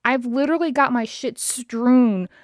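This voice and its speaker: A woman's voice: fairly high pitch, unhurried, no room sound, clean studio sound. Foul-mouthed exasperated woman podcaster. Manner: profane, exasperated, talks straight to listeners. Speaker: podcast host. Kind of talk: casual storytelling rant.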